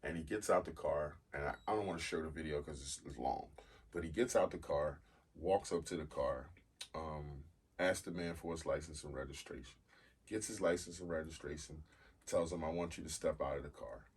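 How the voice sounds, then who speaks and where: Deep husky man telling stories. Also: fairly quick, recorded from a distance. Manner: storytelling, swears casually, laughs loudly when amused. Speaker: podcast co-host. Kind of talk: casual podcast chat.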